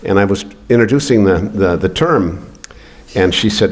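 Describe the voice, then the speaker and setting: An older man with a very low voice tells a rambling, profane story at a poetry reading. He halts often with fillers as he goes, speaking in an art gallery. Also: normal speed, darkish tone. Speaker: poet.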